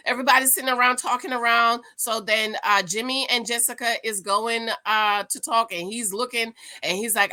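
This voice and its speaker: A gossipy, excitable woman talking at home, her voice bright and forward and sitting a little high. She chats straight to her viewers like a girlfriend, rushing through the recap with plenty of asides. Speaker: YouTube host reviewing a reality dating show. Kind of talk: casual chatty recap to camera. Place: at home indoors.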